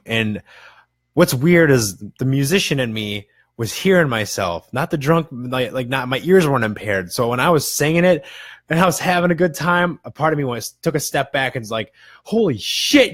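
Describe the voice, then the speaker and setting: A man's voice: medium pitch, a bit bright, dry recording, studio quality. A man in his twenties, a podcast co-host chatting casually, rambling through stories, swearing freely and laughing at himself. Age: 20s. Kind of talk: casual chat.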